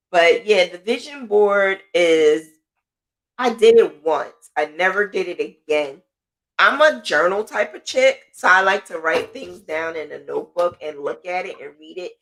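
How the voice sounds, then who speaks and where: A podcast host, a woman with a voice on the low side, gives a casual, motivational monologue packed with fillers. She sounds chatty throughout, and her voice rises in excitement when she quotes her own thoughts.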